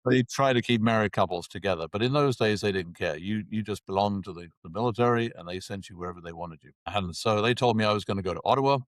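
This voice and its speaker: A man in his sixties from England, a guest telling lively anecdotes in conversation and acting out the dialogue. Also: lowish voice, quick pace, few pauses, no room sound. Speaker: interview guest. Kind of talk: conversational storytelling.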